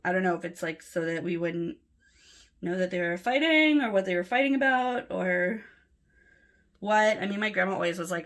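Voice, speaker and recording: Her voice sits on the low side, with lively intonation and a normal pace, and she has a Los Angeles accent. The LA planner vlogger rambles a little through a casual plan-with-me chat as she fills in her planner, soft-spoken and full of filler words.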